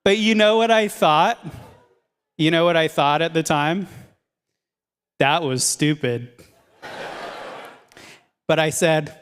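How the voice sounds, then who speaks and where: High-voiced man telling lively stories. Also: takes it slowly, long pauses, clear, resonant tone. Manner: animated anecdotal delivery with frequent laughter. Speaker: team leader giving a training talk. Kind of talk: motivational storytelling. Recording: long hall reverb.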